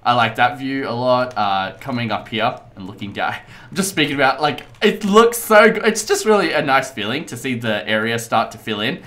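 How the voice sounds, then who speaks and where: A man casually commenting on his own gameplay as host, chatty, rambling and excitable. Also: medium pitch, normal speed. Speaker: let's play host.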